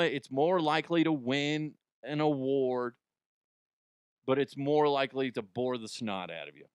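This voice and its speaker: A man's voice: medium pitch, moderate pace, smooth, no room sound. A man hosting a comedy news show, rambling in a jokey, self-interrupting way. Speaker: podcast host. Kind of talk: casual comedic commentary.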